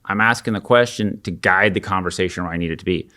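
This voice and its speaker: Male sales coach, low pitch, relaxed and practical. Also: fast. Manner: relaxed, practical, acts out short sample questions. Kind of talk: casual explanation of sales technique.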